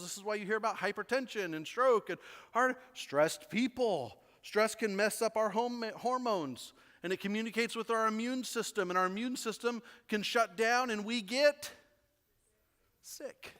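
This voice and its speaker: A man preaching a sermon as pastor, animated, often repeating words and asking the congregation questions. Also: high voice, long reverb tail. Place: church sanctuary.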